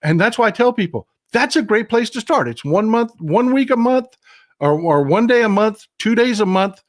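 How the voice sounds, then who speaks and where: A man's voice: sits high, animated, normal speed. A man hosting a livestream talk show, earnestly explaining his views and questioning his guest. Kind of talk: conversational interview.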